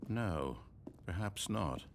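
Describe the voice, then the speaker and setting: A man's voice: slow, exaggerated voice. An actor playing a wistful, needy middle-aged male narrator in a video game, pleading one moment and passive-aggressive the next. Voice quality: lively, expressive pitch. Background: clear game music.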